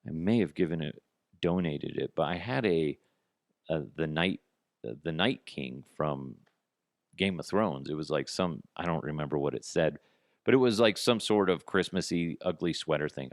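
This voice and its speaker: A man's voice: a bass voice, animated, normal speed, no echo, clean studio sound. A man hosting a comedy podcast, rambling through a casual monologue with frequent asides and free swearing. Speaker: podcast host.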